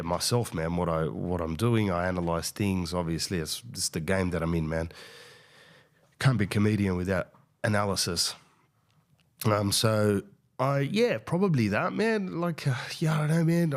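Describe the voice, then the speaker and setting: A deep-voiced man riffs through a casual podcast monologue. He hesitates often, restarts his sentences, and swears freely, like a comedian thinking out loud. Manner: hesitant, many fillers and restarts, profane.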